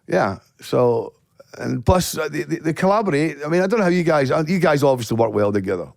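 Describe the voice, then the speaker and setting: A man's voice: on the high side, lively intonation, brisk, gravelly, no echo, studio quality. A man with a Glaswegian Scottish accent, a guest telling stories in casual podcast chat, swearing freely and laughing. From Scotland. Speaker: actor guest.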